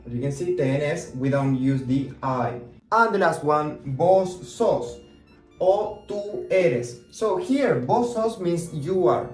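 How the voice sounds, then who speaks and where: Man, Argentine Spanish accent, language teacher, patient explainer, repeats words slowly, echoey room, soft music underneath. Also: fairly high pitch. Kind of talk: online language lesson. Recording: roomy echo with faint music.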